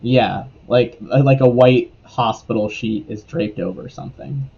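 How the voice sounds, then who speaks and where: A man narrating as game master of a tabletop role-playing game, laying out a grim scene in easy, unhurried talk. His voice is dark and mellow. The stream audio is dull and lo-fi. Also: medium pitch, slightly rough. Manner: descriptive, relaxed narration with fillers.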